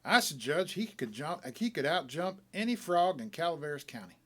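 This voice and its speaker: A man's voice: a little high, sing-song, normal speed. A man voicing an easygoing, proud frontier gambler who talks in a careless, folksy drawl. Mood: easy, careless.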